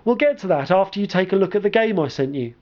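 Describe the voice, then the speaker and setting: An earnest, insistent male ghost, put on by a man narrating a story, pitched noticeably higher than the narrator's plain voice. He speaks firmly and urgently, the sound muffled and lo-fi. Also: animated, fast, darkish tone. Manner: earnest and firm.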